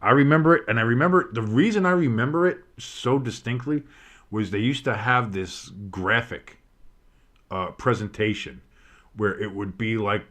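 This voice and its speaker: A man giving casual play-by-play commentary on a game, rambling and swearing between plays and bursting out with excitement on big ones. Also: mid-range voice, normal speed. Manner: rambling, swears, breaks off into nostalgic tangents. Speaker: play-by-play streamer.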